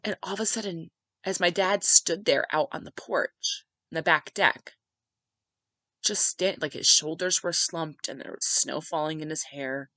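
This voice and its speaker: A woman's voice: low voice, a little slow, sharp tone, no echo, rough recording. A woman hosting a podcast and telling a personal family story in a heartfelt, conversational way, dropping in many filler words. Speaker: podcast host.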